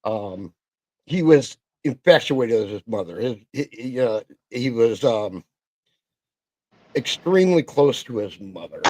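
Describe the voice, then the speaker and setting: A middle-aged man with a Wisconsin accent hosting a casual livestream, halting and full of fillers and self-corrections. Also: mid-range voice, very animated, darkish tone, dry recording. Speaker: host of a livestream.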